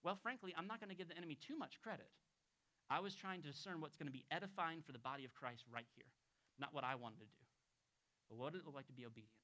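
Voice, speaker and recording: A man who is a pastor, preaching a conversational expository sermon to a congregation, moving between emphatic raised points and soft, hushed passages. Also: fairly high pitch, fast talker. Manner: storytelling, acting out quoted people.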